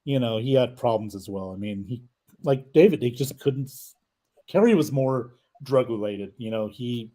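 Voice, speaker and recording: Male podcast host, casual chatter, mellow dark tone, lots of hesitant restarts. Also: mid-range voice, normal speed. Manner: rambling, hesitant, trailing off often. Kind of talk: casual wrestling chat.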